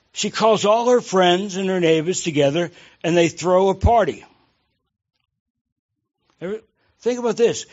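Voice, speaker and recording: Guy preaching, high-ish voice, cracks jokes and quizzes the crowd, kinda muffled recording. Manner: jokey, conversational, asks the congregation questions. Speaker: pastor. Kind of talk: sermon.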